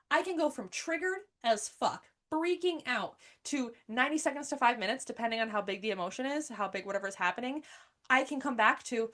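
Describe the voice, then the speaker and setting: A woman's voice: a little high, lively intonation, fairly quick, fairly bright tone. Emphatic, swearing woman podcast host. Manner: emphatic, swears freely, repeats phrases. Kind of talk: candid monologue.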